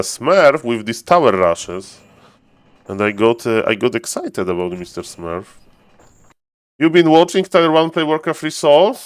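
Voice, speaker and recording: A man streaming a strategy game, giving excitable casual commentary and repeating himself playfully. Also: medium pitch, clean tone, no room sound.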